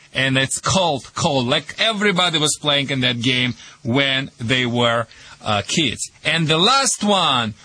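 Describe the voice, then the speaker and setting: A man's voice: on the high side, sharp tone, dry recording. A man with a Russian accent giving dog training advice on a radio show, joking in broken English with many fillers.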